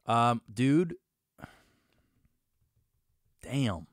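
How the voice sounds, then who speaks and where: A man's voice: mid-range voice, sing-song, drawn-out words, no echo, studio quality. Hesitant, stumbling podcast co-host man. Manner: hesitant, stumbling, repeats words. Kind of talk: casual crude banter.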